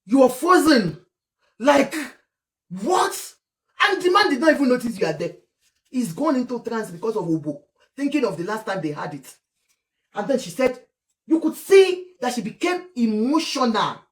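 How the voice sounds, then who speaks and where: A Nigerian woman giving animated, scolding commentary on celebrity gossip, slipping between English, Yoruba and Pidgin. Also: on the high side, moderate pace, echoey room. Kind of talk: casual commentary vlog.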